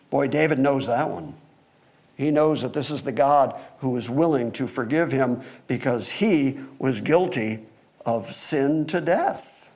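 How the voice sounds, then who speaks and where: A man's voice: medium pitch, a little slow, a little mellow. A man teaching verse by verse through a psalm, reading scripture aloud and then explaining it in plain words. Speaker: Bible teacher.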